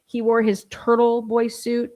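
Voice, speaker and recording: A woman with a fairly high, warm voice speaks a little slowly and in a monotone. She reads court filings aloud and then rebuts them, delivering an indignant, sarcastic, profanity-heavy rant on the case. Along the way she mocks people by imitating them in quoted voices.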